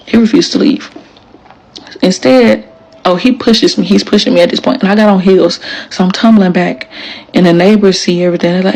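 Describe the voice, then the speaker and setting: A woman's voice: medium pitch, steady tone, fast talker, a little mellow, low-quality recording. A woman, telling the story of her marriage in casual, emphatic storytelling to camera, acting out quoted lines.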